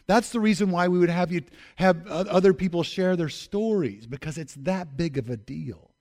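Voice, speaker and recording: A pastor preaching a sermon, emphatic, repeating key phrases and appealing directly to the congregation. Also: male voice, high voice, normal speed, darkish tone.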